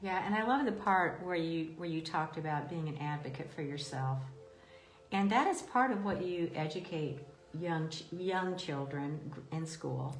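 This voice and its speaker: A woman's voice: low-pitched, moderate pace. A woman interviewing a guest, a former preschool teacher who talks with encouragement and laughs easily. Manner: warm listener, laughs often, encouraging. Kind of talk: casual interview talk. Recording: roomy echo.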